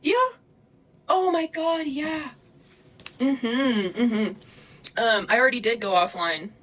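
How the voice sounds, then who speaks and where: A woman's voice: fairly high pitch, slow pace, fairly bright tone, rough recording. A woman streaming live from her phone, ranting angrily and swearing as she confronts people in her chat. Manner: angry, profane, confrontational. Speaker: livestreamer. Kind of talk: livestream rant.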